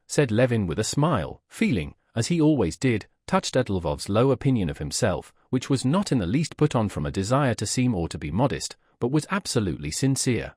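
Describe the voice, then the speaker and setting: A man giving a measured, expressive scripted narration of a classic novel as an audiobook narrator. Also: mid-range voice, slightly rough, no room sound, clean studio sound.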